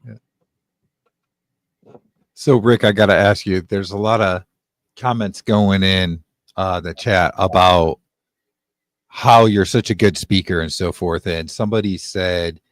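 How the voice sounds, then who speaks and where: Male talk-show host, low voice, hesitant and filler-heavy, dry recording. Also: steady tone, unhurried, long pauses, no echo. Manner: hesitant, lots of ums and restarts. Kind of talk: casual conversation on a live stream.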